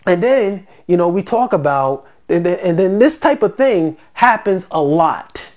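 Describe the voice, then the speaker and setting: A parent casually telling a personal story to camera, animated and exasperated, acting out the quoted lines with big jumps in pitch. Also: a little slow. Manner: exasperated, recounting a grievance.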